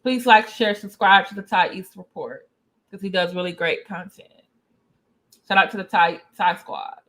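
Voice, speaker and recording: A woman's voice: medium pitch, normal speed, fairly bright tone. A woman talking casually as a commentary vlogger, greeting viewers and reading definitions aloud.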